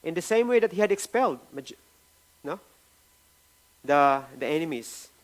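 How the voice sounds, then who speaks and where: A man with a Filipino accent delivers a sermon in a slightly high voice. He leans on repetition for emphasis and keeps checking in with his listeners before pressing his point. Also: expressive, moderate pace. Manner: emphatic preaching, repeats phrases, tag "no?" often. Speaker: pastor.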